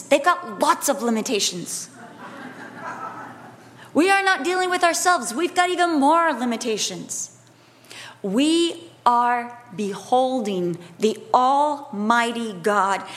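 A woman preacher delivering a sermon, expressive and emphatic, with humorous conversational asides. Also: sits high, slow pace. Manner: expressive, swings between emphatic and hushed delivery.

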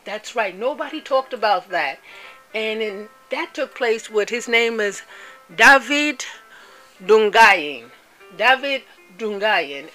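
Woman talking real slow and heavy, stresses every word, high-ish voice, soft music behind. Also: animated, rough recording. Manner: slow, emphatic, repeats and spells out words. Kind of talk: impassioned monologue.

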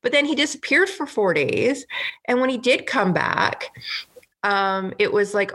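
A woman's voice: mid-range voice, animated, a little slow, fairly bright tone. A woman from Canada, a provincial legislator, talking earnestly and indignantly in a casual political podcast, with many "like" fillers.

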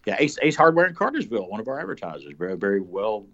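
A man's voice: on the low side, very animated, fairly bright tone, highs cut off. A man hosting a radio talk show, running a playful slogan quiz and teasing his guest. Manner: playful quizmaster, reads slogans slowly and teases. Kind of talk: casual radio quiz chat.

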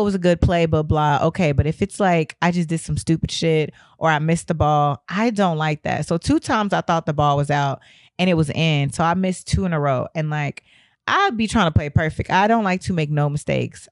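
A young woman telling a story in a casual, animated way, her voice hoarse from losing it, laughing and swearing often. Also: low voice, normal speed, dry recording, clean studio sound. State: hoarse from a lost voice.

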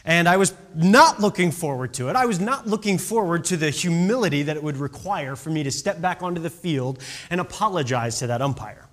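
A man telling a story with a lesson in an animated, conversational way, often checking in with his listeners as he goes. He speaks as a youth baseball coach. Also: fairly high pitch, brisk.

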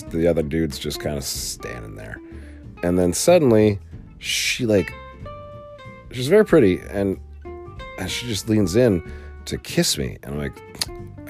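A man hosting a casual solo podcast, telling a long story in a rambling, animated way with many fillers, from a small home studio. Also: low-pitched. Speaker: podcast host.

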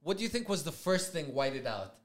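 A man's voice: fairly high pitch, brisk, heavy background noise. A man co-hosting a podcast, telling stories in a casual chat and often saying "bro" and "man". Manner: animated storyteller, says "bro" and "man" often. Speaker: podcast co-host.

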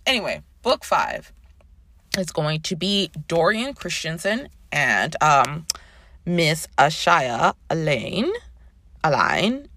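Woman, thirties, podcast host; chatty and sidetracked, very lively pitch, dry close sound. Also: dry recording. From Canada. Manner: chatty, animated, swearing and sidetracked. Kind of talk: casual chat.

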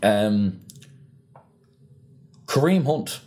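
A young man chatting casually on a podcast, ranting with animated energy and free swearing. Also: fairly low pitch, drawn-out words. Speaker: podcast co-host. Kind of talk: casual chat.

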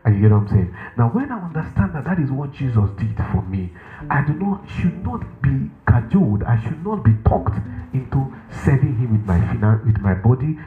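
Emphatic male preacher on a tinny line. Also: medium pitch. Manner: emphatic, repeats himself, asks the crowd if they follow. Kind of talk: sermon. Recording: echoey room on a tinny, phone-like line.

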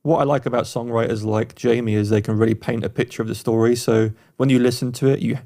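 A man co-hosting a music podcast, talking in an easy, middle-pitched voice. He gushes about a track in loose, rambling chat, restarting his sentences often. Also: fairly even intonation, fast talker, vocal fry, warm tone. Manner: enthusiastic, rambling, many restarts and fillers. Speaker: podcast co-host reviewing songs. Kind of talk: casual music review chat.

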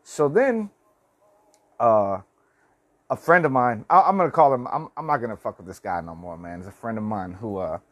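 A man's voice: medium pitch, expressive, normal speed, a bit bright. A man in his forties telling a story in a casual vlog, rambling and swearing with many restarts. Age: 40s. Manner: rambling, profane, lots of restarts. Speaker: vlogger.

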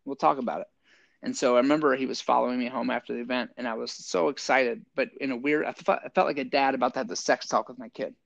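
A man's voice: mid-range voice, fast talker, vocal fry, no room sound, muffled recording. A middle-aged man, an army veteran and yoga teacher, casually telling stories in an interview and acting out what people said. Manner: animated storyteller, acts out quotes with lots of "like".

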